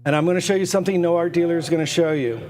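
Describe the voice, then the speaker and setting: Racing along in a fairly high, slightly mellow voice, a man hosts a live online auction from his computer indoors. As auctioneer and livestream host, he uses repetitive, pushy salesman patter full of stammered restarts.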